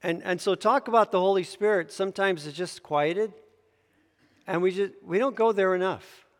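A man leads a Bible lesson in a loose, conversational way, stopping to correct himself and add asides. His voice sits a little high. The sound rings with the long echo of a large church hall. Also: moderate pace. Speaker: bible teacher. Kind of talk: bible teaching.

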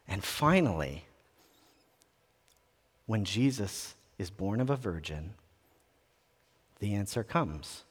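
A man preaching a sermon in a conversational, animated way, often restarting phrases. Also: on the low side, takes it slowly, long pauses, husky. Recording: long reverb of a large room.

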